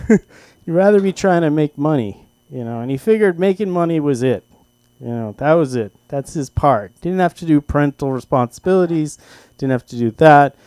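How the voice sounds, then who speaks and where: An older man at a comedy open mic, telling a long personal story in a halting, self-deprecating way with lots of restarts. His voice sits a bit high for a man and sounds close and dry. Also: lively intonation, a little mellow, clear, resonant tone, no room sound. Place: comedy club stage.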